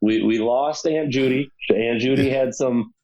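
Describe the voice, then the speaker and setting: A man guest on a podcast roundtable, telling stories in a relaxed way and laughing through lines. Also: mid-range voice, unhurried, dull audio, over a noisy crowd. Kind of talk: casual roundtable chat.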